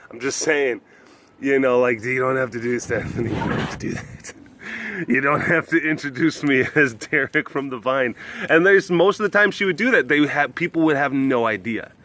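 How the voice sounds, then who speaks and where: A man's voice: mid-range voice, normal speed, bright, forceful tone, a little hiss or hum. A man vlogging outdoors at an animal sanctuary while walking, talking in a rambling, casual way and chuckling often. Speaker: vlogger at a big cat facility.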